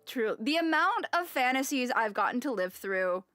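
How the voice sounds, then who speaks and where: A bright, high-pitched young woman chats on a stream, her voice leaping up and down as she giggles. She reads chat aloud into a desk mic. Soft game music plays faintly behind her. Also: sing-song, moderate pace, no echo.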